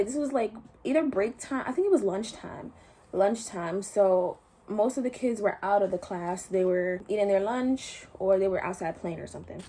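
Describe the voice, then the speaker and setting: A woman's voice: medium pitch, dark tone, slight background noise. A young woman vlogging a casual storytime, retelling events with slang and quoted voices.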